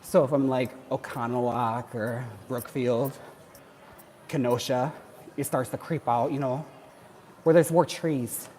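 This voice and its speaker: A man from Wisconsin hosts a livestream during a cardio workout, keeping the talk casual and jokey with frequent laughter. He speaks unhurriedly in a steady, dark, medium-pitched voice over slight background noise.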